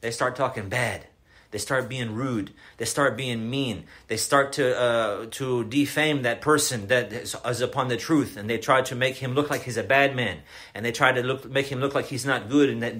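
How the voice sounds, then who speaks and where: A man's voice: mid-range voice, normal speed, fairly bright tone. A man giving a religious lecture, emphatic and repetitive, often asking his listeners questions. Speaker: Islamic lecturer.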